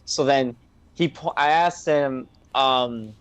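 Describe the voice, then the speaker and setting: A man telling a profane, animated story in a casual chat with his co-host. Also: medium pitch, slow pace, smooth, no room sound. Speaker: delivery worker and show co-host.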